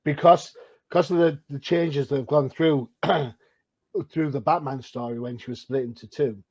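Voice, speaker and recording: A man's voice: mid-range voice, steady tone, unhurried, a little mellow, slightly rough. Man co-host on a lo-fi call. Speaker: podcast co-host. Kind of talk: casual chat. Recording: slightly dull lo-fi sound.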